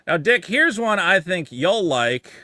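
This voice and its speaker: High, bright-voiced man, wry banter. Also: very animated, unhurried, no room sound, studio quality. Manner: wry, sarcastic delivery. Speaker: podcast co-host. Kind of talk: casual comedic banter.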